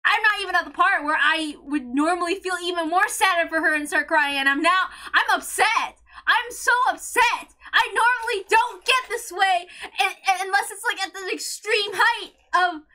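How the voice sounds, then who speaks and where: Extremely high-pitched, moderately paced and hardly pausing, a woman hosting a visual novel read-along gives emotional reaction commentary. It's an impassioned rant full of shouts and stammers, and she's on the verge of tears.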